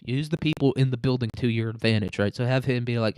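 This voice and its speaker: A man's voice: medium pitch, fairly even intonation, quick pace, few pauses, darkish tone, smooth, dry recording. A man hosting a comedy podcast, rambling through a crude, joking hypothetical monologue. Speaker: podcast host.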